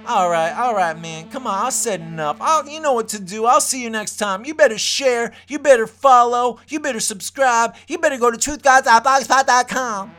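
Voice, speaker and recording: A woman host gives a rambling comic monologue. Her voice sits high and sounds bright and sharp. She keeps repeating herself, excitable and off on tangents. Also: normal speed, few pauses, faint music behind. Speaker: host of her own show. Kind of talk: comedic ranting monologue.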